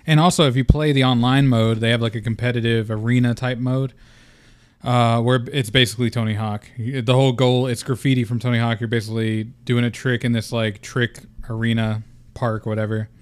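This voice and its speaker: A man's voice: medium pitch, flat delivery, a little fast, clear, resonant tone. A young man hosting a gaming podcast, chatting loosely, joking and swearing freely. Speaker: podcast host. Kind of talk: casual gaming podcast chat.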